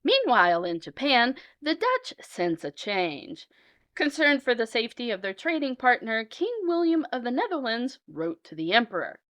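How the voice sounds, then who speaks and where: A woman's voice: a little high, very animated, normal speed, fairly bright tone. A woman telling a comic historical story as a storyteller, playfully switching into character voices.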